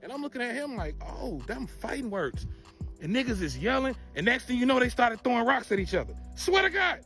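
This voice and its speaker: A man telling a profane, animated story time and acting out the people in it. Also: extremely high pitch, fairly quick, soft background music. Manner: profane, animated, acts out quotes.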